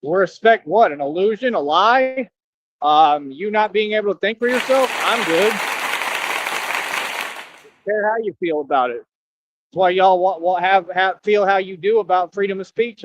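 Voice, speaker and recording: A man's voice: high-pitched, fairly bright tone, no echo. A young man streaming, ranting in an emphatic, combative, slangy way. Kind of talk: livestream rant. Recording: dull lo-fi audio.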